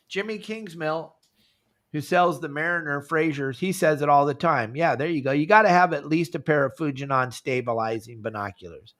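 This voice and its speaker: A man hosts a casual fishing talk show, his voice sitting a little high for a man. He talks in an animated, chatty way and jumps his voice up when he acts out conversations with callers. He sounds like he is on a video call. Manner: animated, acts out phone calls in raised voice. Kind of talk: casual podcast chat.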